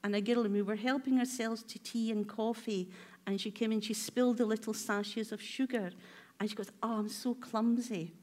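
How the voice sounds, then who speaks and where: A woman's voice: a little high, fairly even intonation, a little fast, a little mellow. A woman therapist giving a workshop talk, asking her audience many reflective questions in a conversational way with filler ums.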